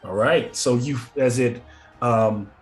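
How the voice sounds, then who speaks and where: A man's voice: medium pitch, slow, faint music behind. Rambling game master man, chuckling. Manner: rambling, filler-heavy, chuckling often. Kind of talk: narrating a tabletop game.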